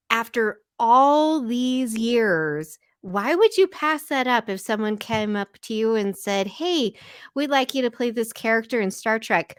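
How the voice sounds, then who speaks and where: A woman on a podcast co-host panel, chatting casually and lively, acting out little quotes. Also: a little high, clear, resonant tone, no echo, studio quality. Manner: lively, acts out quotes in voices. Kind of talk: casual fan discussion.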